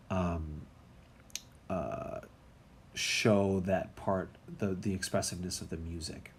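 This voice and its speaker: A man's voice: on the low side, a little mellow. A man teaching music theory in a recorded lecture, talking casually with many ums and restarts.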